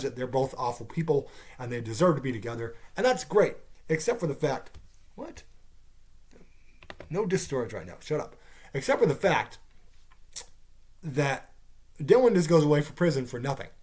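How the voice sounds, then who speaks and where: A man's voice: mid-range voice, darkish tone. A caffeinated man ranting through a profane TV series review, swearing heavily and sounding exasperated. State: caffeinated, wired.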